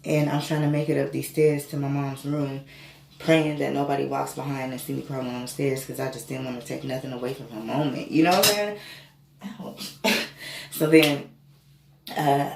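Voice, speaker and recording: A woman tells a personal story in a casual, animated way and swears freely. She sounds gravelly at times. The room has a noticeable echo. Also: a bass voice, a little fast. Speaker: spiritual reader and reiki healer. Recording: echoey room with faint noise.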